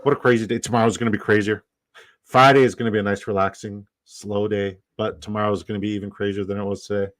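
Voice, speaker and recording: Low-voiced man rambling on a live stream. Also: level tone, fast talker, dry recording. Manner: rambling, profane, repeats himself. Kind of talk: casual live-stream chat.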